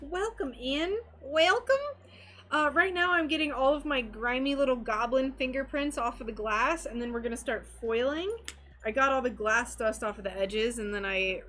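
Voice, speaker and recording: At a moderate pace and in a high, sharp voice, a young stained glass streamer chats casually with her viewers as she works. She is bubbly and gushing.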